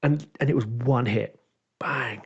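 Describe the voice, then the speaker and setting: This man's voice sits at medium pitch, husky and a little slow. Telling a game story in casual conversation, the dungeon master and podcast co-host animatedly performs his players' lines. The recording is dull and lo-fi.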